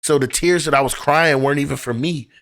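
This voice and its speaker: A man's voice: on the high side, brisk, fairly bright tone. A young adult man, a poet and teacher, talking on a podcast as a guest and telling personal stories candidly and with feeling. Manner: candid, heartfelt storytelling with casual profanity. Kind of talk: casual podcast conversation.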